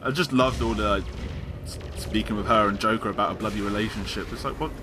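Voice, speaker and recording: A man hosting a casual game discussion, talking in a relaxed, chatty way. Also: on the low side, fast talker, background noise. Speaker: host. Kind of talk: casual gaming chat.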